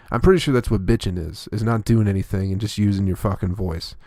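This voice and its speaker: Give me a man doing a solo comedy podcast rant, profane and rambling, in a fairly low voice. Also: steady tone, fast talker, few pauses, mellow, dry recording, studio quality. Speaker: comedian hosting his own podcast.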